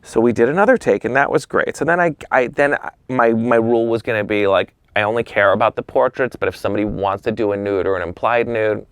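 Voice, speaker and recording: A man with a low, gravelly voice recounting anecdotes as an interview guest. He talks animatedly, acting out the dialogue and swearing casually, and the sound is close and dry. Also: quick pace, hardly any pauses, no room sound. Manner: acts out quoted dialogue in shifting voices. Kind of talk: animated storytelling.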